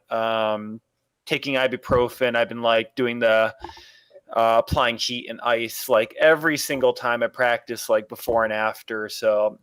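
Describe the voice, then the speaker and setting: A man's voice: mid-range voice, clean tone, no room sound. A man in a band chatting casually on a live stream, speaking hesitantly with many fillers. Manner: soft-spoken, hesitant, lots of fillers. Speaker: band member guest. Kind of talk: casual chat.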